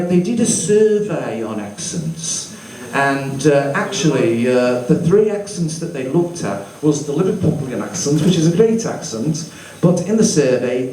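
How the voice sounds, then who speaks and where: A man from the English Midlands performs a stand-up routine on a comedy club stage before a live audience, chatty and self-mocking with sweary asides. His medium-pitched voice has big pitch swings, a measured pace and a dark tone. The recording has roomy echo, a distant mic and faint club noise.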